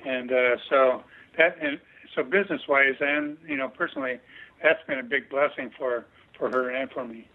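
A man guest speaks haltingly in an interview, often pausing and restarting his sentences. His voice sits in a middle range and comes through a tinny, phone-like line. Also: medium pitch, lively intonation. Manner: halting, many fillers and restarts. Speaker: guest, chiropractor. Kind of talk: casual interview chat.

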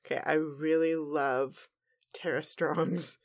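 A woman's voice: sits low, fairly even intonation, slow. A woman co-hosting a podcast, recapping a cartoon episode in a chatty, laid-back way. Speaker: podcast co-host.

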